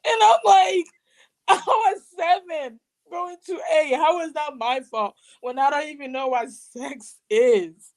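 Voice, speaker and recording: A woman from Burundi telling her personal story in an interview, emotional and animated, with casual slang. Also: sits high, slow. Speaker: guest sharing personal story.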